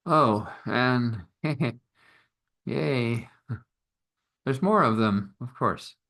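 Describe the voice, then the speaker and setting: A man's voice: medium pitch, lively intonation, drawn-out words, creaky, fairly bright tone. A man telling an improvised story in a rambling, chuckling way, with many fillers.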